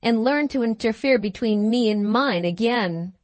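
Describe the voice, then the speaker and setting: A woman reading the part of a drunken, brutish young gentleman who shouts and blusters, in an audiobook. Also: on the high side, moderate pace, dry recording, natural voice. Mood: blustering.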